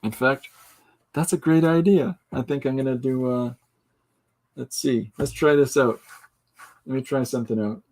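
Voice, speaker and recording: A man's voice: medium pitch, normal speed, long pauses, darkish tone. A man hosting a casual livestream podcast, joking, laughing often and reading out viewer comments. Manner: jokey, tries out voices mid-talk. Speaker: podcast host.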